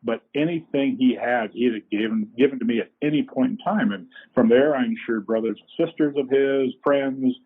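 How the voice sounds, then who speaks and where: Husky middle-aged man telling folksy stories. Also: mid-range voice, moderate pace, few pauses. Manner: folksy, animated storyteller. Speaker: company co-founder, guest. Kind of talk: anecdotal storytelling in a podcast interview. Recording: tinny phone-like line.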